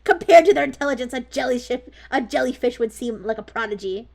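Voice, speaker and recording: A man's voice: very high-pitched, lively intonation, brisk, creaky, darkish tone, full character voice. A text-to-speech voice playing a snobbish male robot fish doctor who talks in a pompous, condescending way. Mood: haughty. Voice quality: clipped, haughty, condescending.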